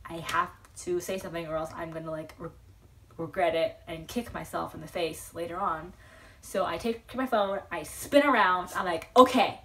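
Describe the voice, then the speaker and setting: A young woman telling an excited storytime vlog, rambling and giggly, with lots of fillers and restarts. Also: fairly low pitch, normal speed. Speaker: vlogger.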